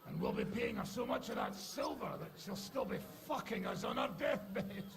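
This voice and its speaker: An actor playing a foul-mouthed, gruff male mercenary in a game, crude and swearing. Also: high voice, huge pitch swings, moderate pace, full character voice.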